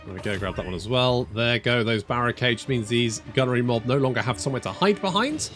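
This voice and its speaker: Lively man commenting on a strategy game. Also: medium pitch, fairly quick, soft background music. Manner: thinks aloud, restarts phrases, casual swearing. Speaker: strategy game let's player. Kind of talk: casual gameplay commentary.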